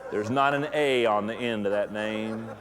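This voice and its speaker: A middle-aged man with a voice on the low side speaks at a moderate pace against a noisy background, giving pastors a funny motivational leadership talk. He jokes and acts out other voices in a large hall with long reverb.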